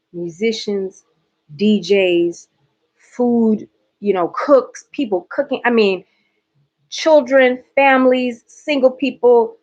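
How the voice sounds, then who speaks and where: A woman's voice: mid-range voice, highs cut off. A woman from Georgia with a light Southern accent, chatting playfully with her viewers in a casual livestream. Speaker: host.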